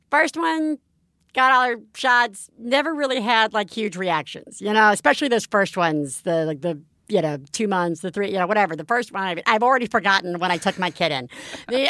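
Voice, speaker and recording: A woman co-hosting a podcast in casual chat, telling a story with lively acted-out quotes. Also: mid-range voice, normal speed, dry recording, clean studio sound. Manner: animated storytelling, acts out quotes. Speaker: podcast co-host.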